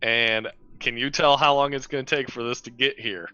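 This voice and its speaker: A man's voice: medium pitch, fairly even intonation, normal speed, bright, forceful tone, smooth, dry recording. A man playing a tabletop game, asking wary, pointed questions. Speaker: player. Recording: dull, dry recording.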